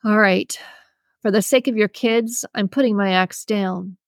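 A woman voicing a gruff, suspicious young man with a subtle New York accent, speaking in curt, accusing replies. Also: medium pitch, measured pace, no room sound, studio quality, lightly acted. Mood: wary.

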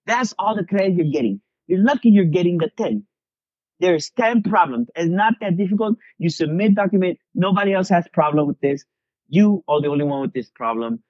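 A man puts on a strict male professor with a Russian accent, yelling in clipped, broken English. The voice sits well above his own and sounds a bit distant. The recording is dull and lo-fi. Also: high voice, expressive, brisk, no room sound, voice pushed up. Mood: stern. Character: furious foreign male professor, strict and shouting.

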